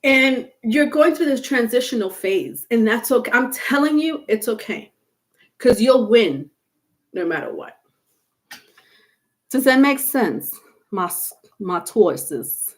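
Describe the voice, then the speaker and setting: A woman's voice: on the high side, animated, slow, pauses often. A woman giving a casual live-stream tarot reading, chatty and blunt, cursing freely and laughing often. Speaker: tarot reader.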